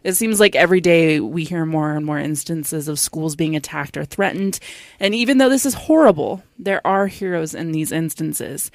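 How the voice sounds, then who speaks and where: Dry, low-voiced woman telling a story. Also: lively intonation, moderate pace, no room sound. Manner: giggly, chatty, swears casually. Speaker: podcast co-host telling the story. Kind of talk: casual podcast chat and storytelling.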